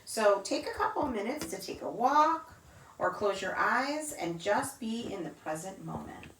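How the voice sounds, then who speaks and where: A woman who teaches yoga to children reads a picture book aloud to them, mimicking sounds in a high, playful voice. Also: lively intonation, a little slow, fairly bright tone, recorded from a distance, a little hiss or hum. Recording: roomy echo, voice off-mic.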